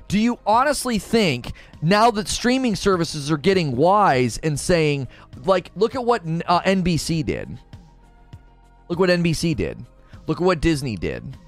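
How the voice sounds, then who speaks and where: A man arguing heatedly in a casual talk show, with a fairly high, very lively voice that rises and falls as he presses his case. He repeats himself for emphasis, and faint music plays underneath. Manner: argumentative, emphatic, repeats points.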